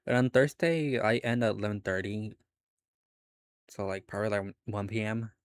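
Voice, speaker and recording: A man's voice: on the low side, fairly even intonation, normal speed, clean tone, dry recording. A young adult man streaming from home, chatting casually with his viewers in a laid-back way, laughing often and swearing now and then. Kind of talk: casual chat with live viewers.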